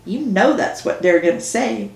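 A pushy, teasing girlfriend, put on by a woman reading her own novel, quick and needling, jumping up into squeals. The voice rings in a roomy space. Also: medium pitch, very animated, natural voice.

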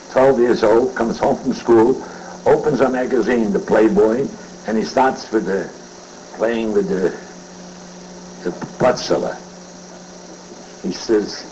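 A man's voice: medium pitch, lively intonation, unhurried, pauses often, a little mellow, lo-fi sound, slight background noise. An older man emceeing a comedy roast, telling brash, profane jokes from a banquet dais. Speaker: roast master.

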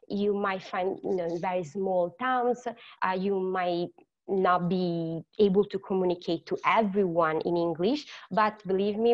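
A woman with an Italian accent, a native Italian speaker, leads a beginner language class online. She talks in a chatty way, with lots of hesitant fillers, at a mid pitch. The recording sounds dull and lo-fi. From Italy. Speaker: language tutor.

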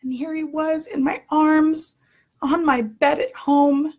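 A woman in her thirties tells a personal story candidly and expressively, acting out her own outbursts. Her voice sits high and her pace is slow.

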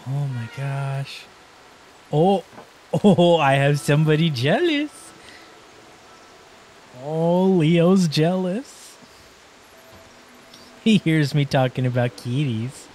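A woman giving excited let's play commentary, gushing and giggling with lots of delighted exclamations. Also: deep voice, extremely slow, pauses often, slight background noise, rough recording. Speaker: gaming YouTuber.

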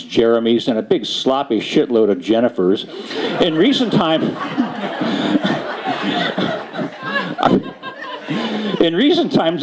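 A man performing comic spoken-word poetry on a bookstore stage, mock-serious and playful with halting restarts. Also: medium pitch, darkish tone. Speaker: slam poet. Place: bookstore stage before an audience.

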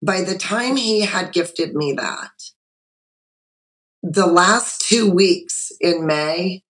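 A woman's voice: fairly low pitch, very slow, poor audio. A middle-aged woman, a guest on a video call, telling her own story with feeling and acting out her own past words. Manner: animated, emotional, acts out her own quotes. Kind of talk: casual storytelling.

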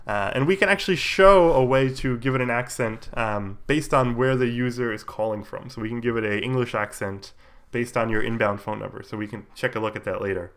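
A man with a cold, casually walking viewers through code on a live stream, relaxed and full of fillers, with keyboard typing behind him. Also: mid-range voice, normal speed. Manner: relaxed, explains while typing, many fillers. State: has a cold, coughing. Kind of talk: casual live coding tutorial.

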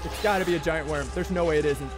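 A young man streaming a game live, chatting with viewers in an excitable, jokey way and repeating himself when he panics. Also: a little high, fast, over music. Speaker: gaming livestreamer. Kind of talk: excitable live gameplay commentary.

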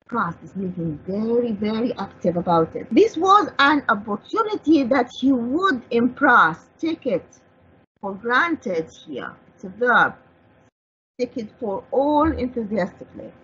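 A woman with a slightly high, sing-song, husky and fairly bright voice speaks unhurriedly. An Arabic speaker with an Egyptian accent, she leads an English vocabulary lesson, raising and answering her own questions for each word, on dull lo-fi broadcast audio.

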